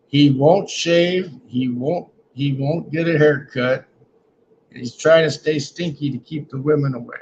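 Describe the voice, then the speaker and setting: Brief: male livestream host, fairly high voice, joking and rambling, dull lo-fi audio with a faint hiss behind. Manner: rambling, joking, often ends lines with "man". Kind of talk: casual livestream chat reading comments.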